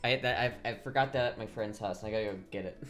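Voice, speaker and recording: A young podcast co-host with a Midwestern accent and a bright, forward tone, talking in a loose ramble that trips over repeated words. The pitch sits in a middle range, and the talk is casual and salted with curses. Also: quick pace, soft background music. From Iowa, US. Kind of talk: casual chat.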